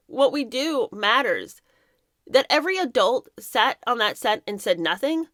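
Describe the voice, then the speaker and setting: A woman's voice: on the high side, fairly bright tone, no room sound, studio quality. A woman in her thirties hosting impassioned commentary, talking emphatically and indignantly, sometimes mocking the people she talks about. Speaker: commentary host.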